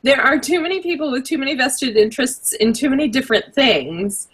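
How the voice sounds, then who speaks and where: A young adult woman co-hosting a podcast, chatting casually with animated, opinionated asides. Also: high voice, brisk, slightly rough. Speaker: podcast co-host. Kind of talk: casual chat.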